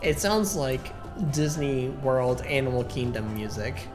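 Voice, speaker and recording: Brief: unhurried streamer, rambling commentary, game music clearly behind. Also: medium pitch, lively intonation. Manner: rambling, hums and mumbles to self. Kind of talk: casual gameplay commentary.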